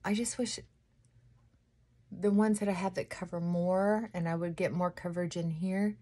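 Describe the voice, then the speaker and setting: Warm and fairly low-pitched, her voice holds a steady tone at a moderate pace. The speaker, a lifestyle vlogger, does her makeup at home while chatting casually, rambling, breaking off mid-thought, and laughing and sighing a lot.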